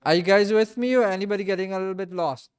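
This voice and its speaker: A man teaching a reading class in a mosque, patiently repeating and drilling each sound slowly for his students. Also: sits high, smooth. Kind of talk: classroom lesson.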